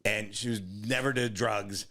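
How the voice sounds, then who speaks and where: A man's voice: lowish voice, steady tone, bright, forceful tone. A man co-hosting a comedy podcast, telling long rambling profane stories in casual chat. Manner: rambling, profane, quick storytelling.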